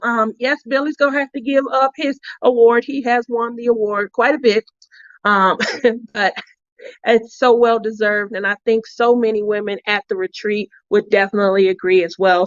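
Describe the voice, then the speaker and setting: A woman's voice: a little high, fairly even intonation, moderate pace, no echo. Giggly, chatty woman on a dull recording. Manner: chatty, laughs often. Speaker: craft channel host. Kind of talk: casual chat.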